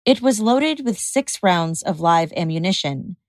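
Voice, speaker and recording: A woman hosting a podcast, reading a scripted true-crime narration in a measured, even way. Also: lowish voice, dry recording. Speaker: podcast host.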